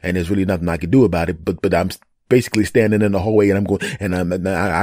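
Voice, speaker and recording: Fast-talking man telling a comic story. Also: low voice, steady tone, darkish tone, no echo. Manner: repetitive, rambling, builds jokes by repeating words. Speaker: podcast host.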